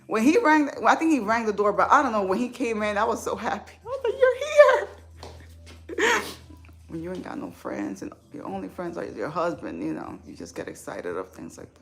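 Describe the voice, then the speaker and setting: A woman's voice: mid-range voice, very animated, fairly quick, creaky, few pauses. A woman hosting a casual live stream, talking with viewers in an informal, emotional, chatty way. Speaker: livestream host.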